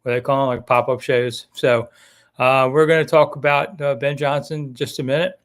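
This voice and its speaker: A man's voice: mid-range voice, steady tone, normal speed, a bit bright. A middle-aged man hosting a casual live stream, chatting in a rambling, self-deprecating way about football coaching news. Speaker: sports talk show host.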